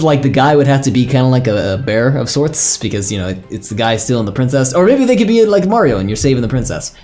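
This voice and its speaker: A man's voice: mid-range voice, a little mellow. A man chatting casually on a live stream as a server admin, thinking aloud and laughing often.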